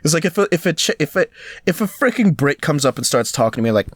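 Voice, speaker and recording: A man co-hosting a laid-back podcast, his pitch swinging wildly as he jokes. He laughs often and drops into quick mock voices. The sound is dry and close to the mic. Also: very animated, dry recording. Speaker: podcast co-host. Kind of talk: casual chat.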